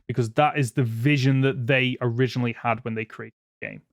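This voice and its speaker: A man's voice: mid-range voice, fairly even intonation, brisk, gravelly, few pauses, dry recording, studio quality. A man hosting a podcast, making a casual argument with many restarts and fillers. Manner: rambling, restarts often, laughs easily. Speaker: podcast host. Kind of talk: casual debate.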